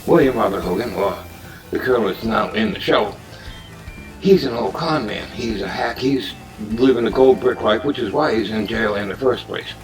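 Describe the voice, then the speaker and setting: A man casually pitching a movie idea in a meandering monologue, with restarts and uneven loudness. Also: normal speed, recorded from a distance, music in the background, rough recording.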